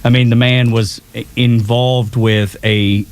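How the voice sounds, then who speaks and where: A man's voice: mid-range voice, flat delivery, unhurried, clean tone. Chatty man hosting morning radio. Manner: chatty, laughing, many fillers. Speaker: radio co-host. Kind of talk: casual morning radio talk.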